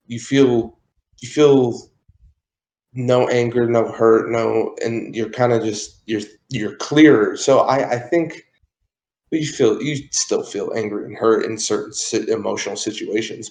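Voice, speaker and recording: Slow-talking young man in a roomy space. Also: mid-range voice, darkish tone. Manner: thoughtful, halting restarts. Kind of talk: casual chat. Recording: roomy echo.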